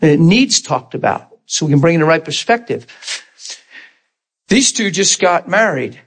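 A middle-aged male preacher delivers a sermon to a small class. His voice sits a little high, and he talks in a conversational way. He checks in with the room for agreement and acts out prayers in quoted voices. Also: big pitch swings, normal speed, slightly rough.

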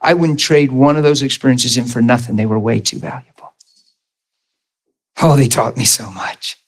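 This medium-pitched man, thirties or forties, shares his testimony in story form from the pulpit at a moderate pace. Animated and frequently laughing, he acts out what happened.

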